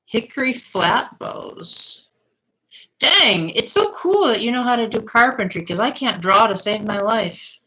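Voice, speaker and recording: A woman's voice: a little high, expressive, unhurried, bright, forceful tone, poor audio. A young woman streaming live, chatting casually and answering her viewers' comments.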